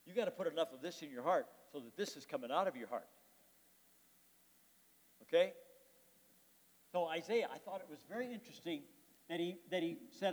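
A man preaching a sermon, reading scripture aloud and questioning the congregation, his volume swinging from emphatic to quiet. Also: on the high side. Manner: reads scripture aloud, then explains it with rhetorical questions to the congregation; swings between loud emphatic lines and soft, quiet asides. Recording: long hall reverb.

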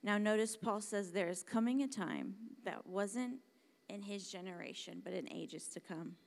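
A woman preaching a sermon, dramatic and emphatic, dropping to hushed whispers and then rising to loud exclamations. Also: medium pitch, moderate pace, creaky. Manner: emphatic, repeats words for stress.

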